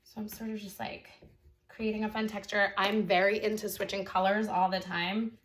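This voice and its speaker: A woman's voice: medium pitch, flat delivery, moderate pace, a little hiss or hum. Young woman, art teacher, chatty and encouraging, talks kids through drawing, drifts off topic. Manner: chatty, encouraging, easily sidetracked. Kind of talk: online drawing lesson for kids.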